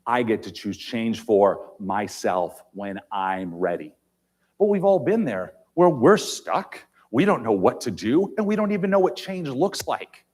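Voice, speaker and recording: A man giving an inspirational talk on stage in a large auditorium, emphatic, swinging between loud and quiet. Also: medium pitch, sing-song, a little slow.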